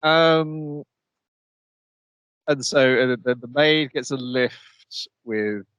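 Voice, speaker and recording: A man's voice: mid-range voice, very slow, clean tone, no room sound, dull audio. Dry-sounding man summarizing plot. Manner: steady plot summarizing, many "um"s. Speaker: podcast co-host. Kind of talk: casual anime recap chat.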